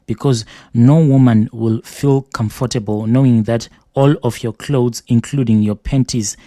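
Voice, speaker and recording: A man hosting a show who reads a listener's letter aloud in a steady, measured first-person delivery. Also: mid-range voice, dry recording, clean studio sound. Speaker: host reading listener confessions.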